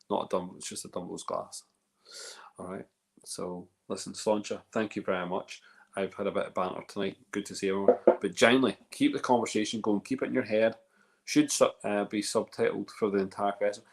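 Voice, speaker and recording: A Northern Irish man hosting a whisky festival live stream, chatting casually and rambling, often repeating words. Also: lowish voice. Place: live video call.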